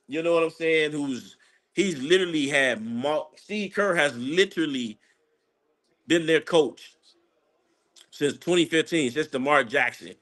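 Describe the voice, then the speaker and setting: A man ranting casually about a basketball game as a fan, rambling and excitable, breaking into high laughing outbursts. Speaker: sports fan commentator. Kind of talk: casual live game-watching rant.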